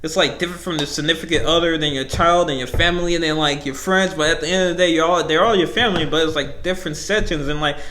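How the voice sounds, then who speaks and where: A young man of nineteen talks alone into his podcast mic. His talk is loose and rambling and full of swearing, and he laughs often between lines. His voice sits a bit higher than most men's. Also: fast, hardly any pauses, bright, forceful tone, echoey room, slight background noise. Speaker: podcast host. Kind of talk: casual solo podcast storytelling.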